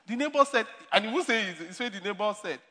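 With a high, bright, forceful voice, this man preaches expressively and talks fast. His sermon is full of stories and frequent laughter, with key lines repeated, all echoing in a long hall reverb.

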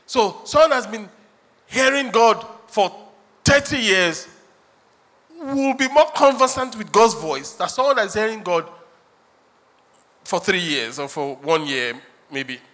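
A man's voice: high-pitched, lively intonation, unhurried, long pauses, a bit bright. A man preaching a sermon as pastor, joking, acting out quotes and laughing often. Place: church hall. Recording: reverberant hall.

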